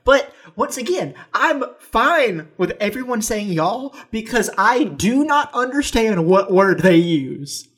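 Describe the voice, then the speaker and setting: High-voiced young man ranting. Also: takes it slowly, few pauses. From US South. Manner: animated, laughing, exasperated rants. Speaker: podcast co-host. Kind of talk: casual chat.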